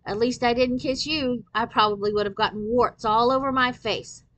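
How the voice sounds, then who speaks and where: A woman's voice: fairly high pitch, fairly even intonation, normal speed, a bit bright, dry recording, close to an everyday voice. A woman reading aloud and voicing a sly, taunting sixth-grade boy. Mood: mocking. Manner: mocking, taunting.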